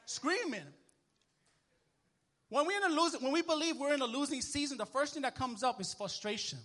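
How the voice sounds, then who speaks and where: A man preaching a sermon as minister, conversational and animated, checking in with the congregation as he goes. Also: very high voice. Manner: animated, conversational preaching with sports illustrations and call-and-response. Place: church.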